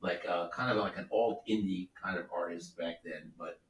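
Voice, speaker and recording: Deep yet fairly bright, the voice belongs to a man in his seventies, a record producer and guest musician, talking at a moderate pace. His relaxed storytelling wanders with many asides, and the sound is roomy and distant from the mic.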